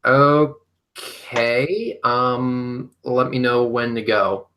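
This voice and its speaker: A man's voice: mid-range voice, very slow, bright, forceful tone. A man chatting casually in a group, profane and exasperated as he bickers over claims. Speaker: panel participant debunking claims.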